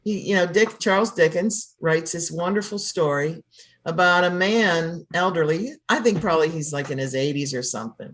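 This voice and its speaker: A woman co-hosting a film podcast, telling a joke in a rambling, halting way and laughing as she goes. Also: fairly low pitch. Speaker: podcast co-host. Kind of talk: casual chat, telling a joke.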